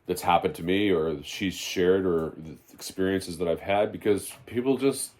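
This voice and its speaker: Impassioned low-voiced man preaching. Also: normal speed, a little mellow. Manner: preaching, emphatic, repeats phrases for stress. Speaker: religious teacher sharing his testimony. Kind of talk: impassioned spoken testimony.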